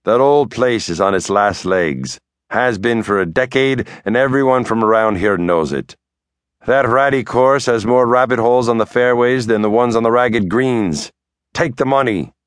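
A man voicing a brisk, smooth-talking female lawyer, cool and increasingly impatient. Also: medium pitch, dry recording, studio quality, voice pushed up, lightly acted. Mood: sharp. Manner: smooth, curt, grows impatient. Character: brisk, slippery woman lawyer, middle-aged.

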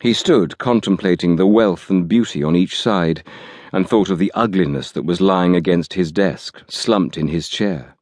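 A man reading an audiobook thriller aloud in a measured, dramatic storytelling manner. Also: low voice, darkish tone, no echo, clean studio sound. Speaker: audiobook narrator. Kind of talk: scripted narration.

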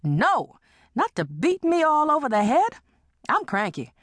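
A woman's voice: high voice, wildly swooping pitch, measured pace, no echo, studio quality, exaggerated voice. A woman reading an audiobook and voicing a lonesome, weary middle-aged woman who talks in a plaintive, resigned way.

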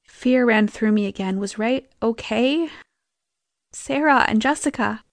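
A woman's voice: a little high, unhurried, no room sound. Young woman narrating an audiobook, dry sound. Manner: tense, emotive storytelling. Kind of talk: first-person audiobook narration.

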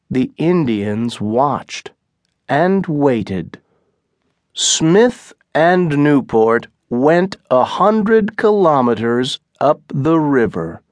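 Give me a man narrating an audiobook, slow and clear, recorded dry. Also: on the high side, no room sound. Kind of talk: scripted narration.

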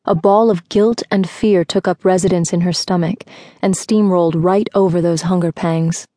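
Low-voiced woman narrating an audiobook. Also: normal speed, no echo, studio quality. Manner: steady, even storytelling. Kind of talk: scripted narration. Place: recording studio.

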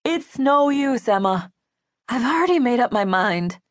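A woman's voice: a little high, expressive, a little slow, no room sound, voice pushed up. A woman voicing a bitter, grieving middle-aged mother who scolds angrily and mocks, for an audiobook, dry recording. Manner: angry, mocking, clipped. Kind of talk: audiobook character voice.

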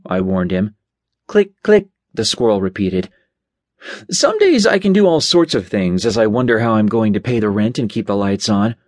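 A man narrating a novel in first person, full of sardonic asides. His pitch moves animatedly through each line, and the studio sound is close and dry. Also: no room sound. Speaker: audiobook narrator. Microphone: studio mic.

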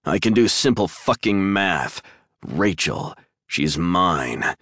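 A man's voice: low voice, sing-song, slow, fairly bright tone, no room sound, studio quality, full character voice. A man voicing a crude, gloating paroled killer who taunts his victim in an audiobook.

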